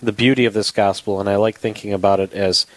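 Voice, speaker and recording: A man's voice: fairly low pitch, steady tone, fast, dry recording. A man hosting a radio show in a studio, talking casually with many fillers and restarts.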